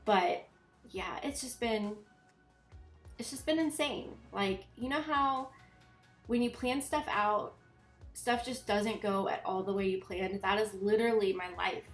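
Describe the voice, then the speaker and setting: A woman's voice: medium pitch, measured pace, reverberant, soft background music. A young woman vlogger chatting casually in a voiceover, congested and a bit nasal, rambling with lots of fillers.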